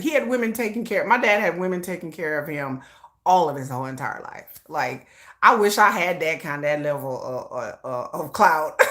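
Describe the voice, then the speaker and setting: A woman hosts a casual livestream, talking loosely and laughing often. Her bright voice swings widely in pitch and leaps into excited shrieks. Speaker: livestream host.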